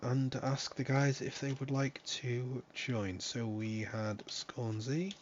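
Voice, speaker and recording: A man's voice: medium pitch, fairly even intonation, slow pace, highs cut off, a little hiss or hum. A man hosting a racing league stream in a casual, joking manner, swearing freely. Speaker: league host and commentator. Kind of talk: casual live-stream commentary.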